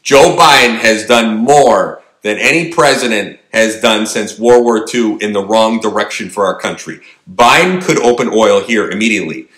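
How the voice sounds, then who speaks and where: Man, political commentary, rhetorical questions, fairly low voice, echoey room. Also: moderate pace, hardly any pauses, a bit bright. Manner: emphatic, rhetorical questions, addresses audience directly. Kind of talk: opinion monologue to camera.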